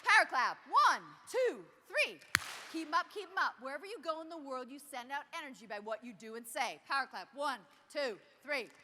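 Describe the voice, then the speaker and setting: A woman's voice: high-pitched, fast talker, few pauses, big-room sound, very noisy. A woman giving an interactive motivational keynote on a large convention stage, leading the crowd in call-and-response. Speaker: keynote speaker.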